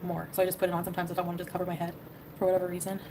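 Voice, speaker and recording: A woman from Canada chatting on her livestream, hedging and rambling as she talks. She speaks quickly. Faint noise hums in the background. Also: fairly low pitch, completely flat delivery. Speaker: streamer. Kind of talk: casual livestream chat.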